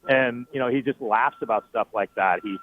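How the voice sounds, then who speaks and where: A man, a team's play-by-play broadcaster, telling animated stories as a guest on sports talk radio, with many fillers and restarts. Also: mid-range voice, fairly quick. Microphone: phoning in. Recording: tinny phone line.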